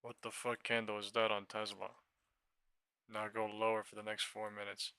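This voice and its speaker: A man streaming live stock trading, muttering commentary to himself and breaking into excitable, profane outbursts. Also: on the low side, moderate pace, clear, resonant tone, no echo.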